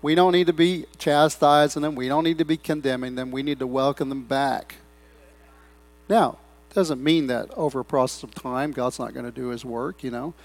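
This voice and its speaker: A middle-aged man preaching a sermon in a church, breaking into loud swells and rambling asides. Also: mid-range voice, fairly even intonation, moderate pace. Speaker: pastor. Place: church sanctuary.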